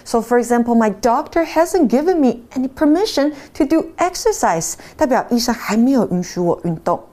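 A woman's voice: fairly high pitch, lively intonation, brisk, dark tone. A woman, a native Mandarin speaker, co-teaching an English lesson, switching between Chinese and English to translate words. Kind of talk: bilingual lesson chat.

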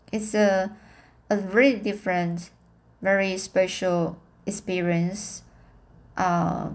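Slow, halting woman reading a novel aloud. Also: on the low side. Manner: halting, hesitant, self-correcting, learner's English. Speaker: reader of a novel. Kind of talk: amateur audiobook reading.

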